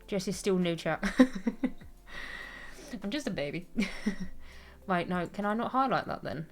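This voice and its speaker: Over soft background music, a young woman streams while gaming, chatting casually and reading chat aloud. Her medium-pitched voice has lively intonation and a slow pace, and she rambles, pokes fun at herself, and laughs often.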